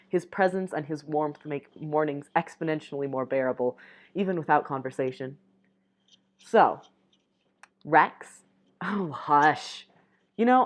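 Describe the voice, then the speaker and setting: Young woman softly reading a dating sim. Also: sits low. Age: young adult. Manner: reads lines softly, breaks off with giggly asides. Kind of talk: reading game text aloud with reactions.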